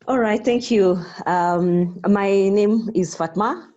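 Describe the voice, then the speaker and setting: A woman introducing herself on a video call, speaking slowly with some hesitation. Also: mid-range voice, warm tone, highs cut off. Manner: slow, hesitant. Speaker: teacher and entrepreneur.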